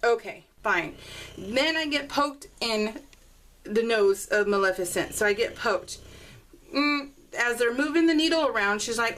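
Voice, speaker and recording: A woman's voice: fairly high pitch, lively intonation, measured pace, a bit bright, poor audio. A woman vlogger telling a story in a chatty, exasperated way while she crafts.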